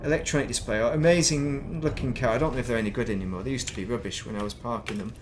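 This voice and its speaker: A middle-aged man talks loosely and chattily as he streams a game, wandering from one thought to the next. His pitch sits right in the middle for a man. A faint hum of ambience runs under his voice. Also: steady tone, fast. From northern England. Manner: rambling, chatty, self-mocking. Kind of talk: casual chat while streaming gameplay.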